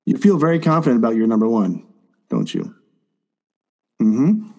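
A man co-hosting a casual podcast chat, animated and teasing, laughing often. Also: mid-range voice, normal speed, creaky, husky. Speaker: podcast co-host.

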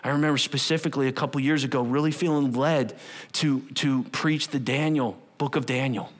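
A man's voice: mid-range voice, fairly quick. A middle-aged male pastor preaching a conversational sermon and acting out quotes. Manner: animated, conversational, acts out quotes.

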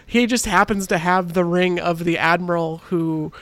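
A podcast co-host with a high-sitting, fairly bright voice chats casually about movies, swearing freely, laughing often and acting out lines. He speaks at normal speed in a steady tone, with no room sound.

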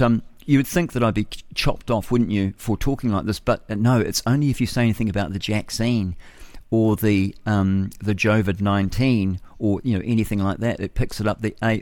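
Chatty New Zealand radio host, low and dry. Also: male voice, a little mellow, dry recording. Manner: chatty, opinionated, laughs at own jokes. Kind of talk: rambling talk-radio monologue. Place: radio studio.

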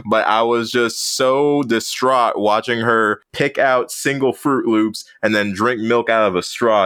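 A man's voice: mid-range voice, measured pace, hardly any pauses, a bit bright, clean tone, no echo. A man co-hosting a podcast, talking earnestly and casually about a film, with casual swearing. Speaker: podcast co-host.

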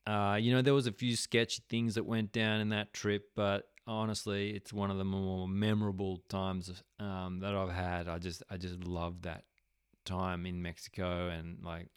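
Young Australian man, casual storyteller, rambling and sweary; clear, lowish voice. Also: dry recording, clean studio sound. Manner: rambling, many fillers, swears freely.

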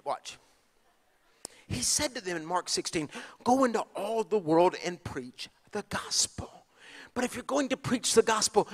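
A man preaching a sermon, moving from hushed asides to shouted, passionate lines. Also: sits high. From Texas. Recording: long hall reverb.

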